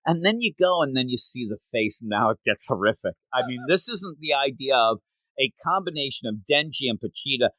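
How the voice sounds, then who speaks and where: A man co-hosting a podcast, chatting casually and acting out quoted lines in quick voices. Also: medium pitch, expressive, sharp tone, no room sound. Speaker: podcast co-host. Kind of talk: casual chat recapping a manga chapter.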